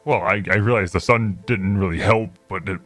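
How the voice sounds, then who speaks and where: A man playing his character in a tabletop game, speaking in a measured, mock-dignified way. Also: sits low, fairly bright tone, no room sound, soft background music. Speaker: player voicing his character. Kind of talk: in-character tabletop role-play.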